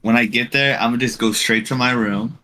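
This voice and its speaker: A man's voice: mid-range voice, steady tone, fairly quick, a crowd in the background. A man playing a tabletop game, joking and slangy in casual chat. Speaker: player.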